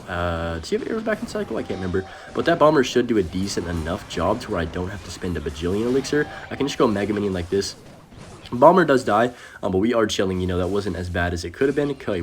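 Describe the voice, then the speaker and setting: Young man, gameplay commentary, rapid, lowish voice, faint background hum. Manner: fast, excitable, talks to viewers as guys. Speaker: gaming commentator.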